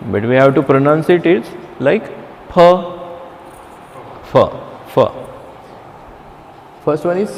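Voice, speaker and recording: A man teaching a beginner Chinese class, speaking haltingly with many restarts and fillers. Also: fairly high pitch, a little mellow, long reverb tail, a little hiss or hum. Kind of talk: classroom lecture.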